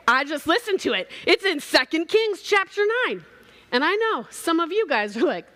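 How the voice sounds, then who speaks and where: A woman preaching a sermon, telling a story in a playful, animated way and acting out the voices in it. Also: high-pitched, normal speed. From Southern California. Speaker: pastor.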